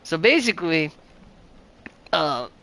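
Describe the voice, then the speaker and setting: A man's voice: fairly high pitch, big pitch swings, slow pace, bright, forceful tone. A man doing casual, rambling commentary over a story game, chatty and full of fillers. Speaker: gaming channel host.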